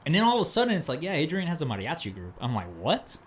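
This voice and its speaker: A man's voice: a little high, very fast. A young man hosting a podcast, telling a story in casual chat with lots of bro and dude. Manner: animated storyteller, says bro and dude often. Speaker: podcast host.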